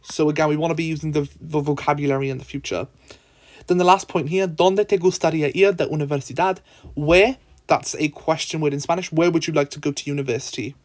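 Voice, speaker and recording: A man's voice: on the high side, fairly even intonation, fast. A man tutoring in a casual screen-recorded lesson, thinking aloud with frequent ums.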